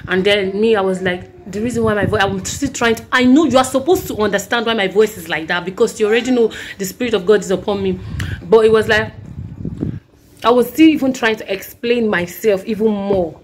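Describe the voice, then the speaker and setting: A woman's voice: medium pitch, a little fast, a little hiss or hum. A woman with a sore throat, earnestly recounting a dream and preaching, rambling with many restarts. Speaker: Christian vlogger.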